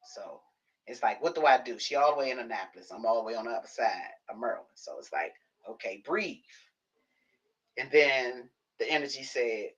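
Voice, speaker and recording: A woman livestreaming from her home office, telling a story to her viewers in a casual, animated way, acting out the conversations. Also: rumbling low, normal speed, breathy edge, dull audio. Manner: animated, acts out conversations, talks to herself. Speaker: livestream host.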